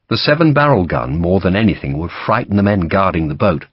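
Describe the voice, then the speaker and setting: A man narrating an audiobook in a lively storytelling manner, giving each character a voice. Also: low-pitched, fairly quick, hardly any pauses, breathy edge, no room sound. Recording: dull dry audiobook recording.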